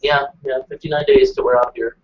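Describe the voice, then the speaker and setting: Easygoing man co-hosting a live stream, mid-pitched and lively in tone, hesitant with ums; dull lo-fi audio. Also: fairly quick, slight background noise. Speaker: co-host of a live chat. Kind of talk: casual live-stream chat. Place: hot home room with a fan running.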